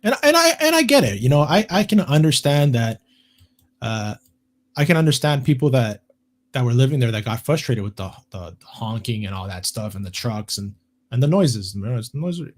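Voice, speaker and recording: A man's voice: mid-range voice, moderate pace. A man co-hosting a podcast, chatting casually with frequent fillers and restarts. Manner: relaxed, hesitant with many fillers. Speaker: podcast co-host. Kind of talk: casual chat.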